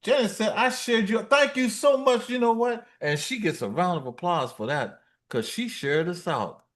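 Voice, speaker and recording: Lively high-voiced man. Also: normal speed. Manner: playful, reads viewer comments aloud. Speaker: livestream host. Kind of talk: casual livestream chat.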